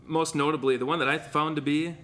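A man's voice: a little high, fairly even intonation, a little fast, fairly bright tone. A man hosting a casual podcast, joking and rambling with his co-host.

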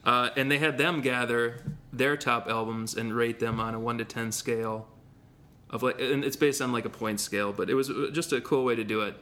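A man's voice: mid-range voice, steady tone, normal speed, sharp tone. A man hosting a casual podcast, joking and rambling with his co-host.

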